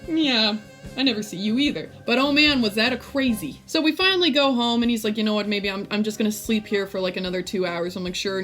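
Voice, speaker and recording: Young female vlogger, casual storyteller, animated and jokey delivery, light background music. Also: fairly high pitch. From United States. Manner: animated and jokey, voices friends in quotes.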